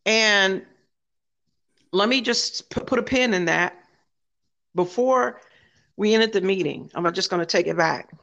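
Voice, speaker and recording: A woman telling a workplace story in an animated, casual way, often repeating herself. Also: mid-range voice, measured pace, vocal fry, pauses often, lo-fi sound.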